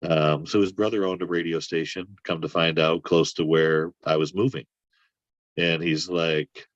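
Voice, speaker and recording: A man with a very deep voice tells a long, rambling personal story, swearing freely and getting worked up as he goes. The sound is dry and a little muffled. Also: a little slow, no echo. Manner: rambling, profane, animated when riled. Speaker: podcast guest. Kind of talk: casual storytelling.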